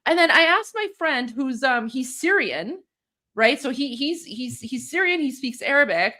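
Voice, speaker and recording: A woman from Iran co-hosting a live stream, talking in a rapid, emphatic and blunt way. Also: high-pitched, lively intonation, sharp tone. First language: Persian. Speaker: co-host. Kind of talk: casual live-stream chat.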